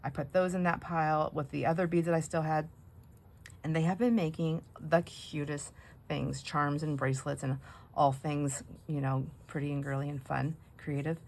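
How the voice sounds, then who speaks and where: A woman's voice: deep voice, steady tone, moderate pace, creaky, a little mellow. A middle-aged woman hosting a crafting video, chatting casually and rambling through funny family stories as she works, laughing often. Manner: rambling storyteller, laughs often, mimics others. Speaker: crafting channel host.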